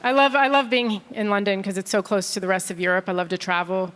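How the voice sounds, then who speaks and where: A woman's voice: medium pitch, fairly even intonation, fast, very noisy. A woman in her forties from an Egyptian family, doing a dry, conversational stand-up set with acted quotes on a theatre stage. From Egyptian family, raised in America. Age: 40s. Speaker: stand-up comedian. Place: large theatre stage before a laughing audience. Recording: live theatre with long hall reverb.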